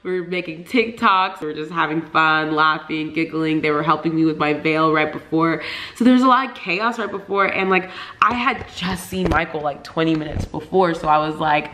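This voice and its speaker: A woman's voice: low voice, normal speed, sharp tone. A young woman chatting in a gushing, chatty way at home, full of "like" and laughter. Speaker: vlogger, bride. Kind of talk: casual chat.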